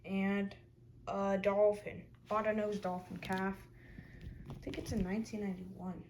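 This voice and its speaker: A woman's voice: mid-range voice, little pitch movement, measured pace, a little mellow, a little hiss or hum, low-quality recording. A woman in a casual show-and-tell vlog, chatting as she lists her figures one by one with short comments. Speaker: toy collector showing her figures.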